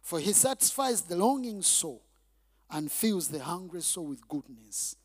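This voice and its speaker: A male pastor preaching a sermon in a call-and-response style, with halting restarts and repeated words, then surging loud on key phrases. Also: high-pitched, sing-song.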